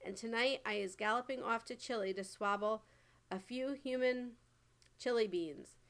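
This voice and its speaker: A woman voicing a brutish, greedy male giant who booms and bullies in broken grammar, in a storybook reading. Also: normal speed, close to an everyday voice. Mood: roaring. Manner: booming, bullying, mangled grammar.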